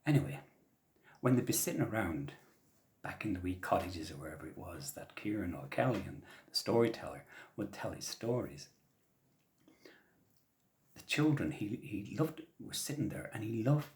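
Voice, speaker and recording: A man telling traditional stories to children in a gentle, soft-spoken way that often drops to a whisper. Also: on the low side, big pitch swings, moderate pace. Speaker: traditional storyteller. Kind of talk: storytelling for children.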